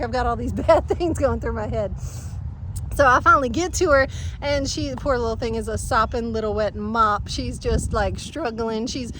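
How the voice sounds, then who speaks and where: A woman, chatting casually and telling an animated story outdoors on her farm. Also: a little high, a little hiss or hum. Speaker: farm vlogger.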